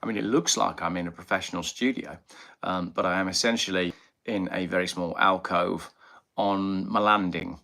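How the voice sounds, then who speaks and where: A man's voice: low voice, steady tone, normal speed, creaky, sharp tone. A middle-aged man with a slight Birmingham accent, hosting a casual live-stream chat from a small home alcove and rambling through viewer comments with lots of ums. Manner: rambling, reads viewer comments aloud, many fillers. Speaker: channel host. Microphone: headphone mic on a live stream.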